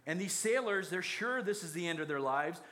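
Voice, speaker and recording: A man's voice: high-pitched, expressive, fairly quick, bright, forceful tone. A man preaching a sermon, telling the story with jokes and acted-out quotes. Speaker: pastor.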